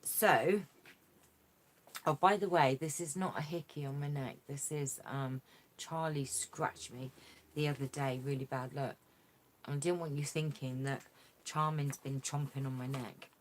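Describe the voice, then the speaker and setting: Low-pitched woman, casual live-stream host, chatty and effusive, tablet mic at home. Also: fairly even intonation, unhurried, slight background noise. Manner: chatty, rambling, effusive, many fillers. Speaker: craft vlogger hosting a live chat. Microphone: tablet camera mic.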